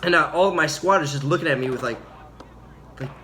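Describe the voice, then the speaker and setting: A young man tells his story in a loose, rambling way, stacking up "like" and "um" and jumping into loud quotes. His voice sits a bit on the high side. A steady noise hums behind him. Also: a little fast, long pauses, low-quality recording. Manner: rambling, filler-heavy, acts out quotes loudly. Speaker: former Marine telling a story. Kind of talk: casual storytelling vlog. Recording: audible background noise.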